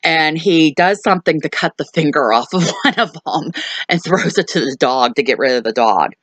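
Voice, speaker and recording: A woman's voice: low-pitched, expressive, moderate pace, no room sound. A woman hosting a movie review channel, recapping a film in a chatty way with lots of fillers and asides.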